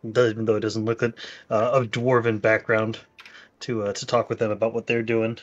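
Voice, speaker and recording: A man playing his character in a tabletop game, talking in a measured, hesitant way with fillers. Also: on the low side, flat delivery, highs cut off. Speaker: player. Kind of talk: in-character tabletop role-play.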